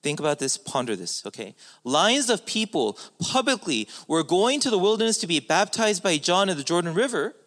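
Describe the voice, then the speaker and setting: A man's voice: high voice, very animated, normal speed, few pauses, fairly bright tone. A man preaching a sermon as a pastor, emphatic, with his voice rising and falling for stress.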